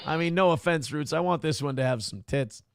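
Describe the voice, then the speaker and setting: A man hosting a live show, reading viewer messages aloud in a raised voice, then dropping into low, wry asides. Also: a little fast, loud music behind the voice. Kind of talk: casual live-stream chat.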